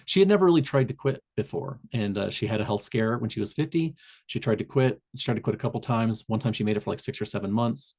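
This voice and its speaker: A man's voice: lowish voice, expressive, quick pace, darkish tone. A man with a Southern Indiana accent, a public health trainer speaking on a video call webinar, talking loosely with many fillers and restarts. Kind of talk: webinar presentation.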